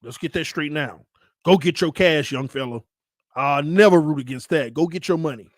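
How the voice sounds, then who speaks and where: High-voiced animated American sports fan host. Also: male voice, normal speed, no echo, clean studio sound. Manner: animated, teasing, bursts into loud excited hollering. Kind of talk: casual fan commentary vlog.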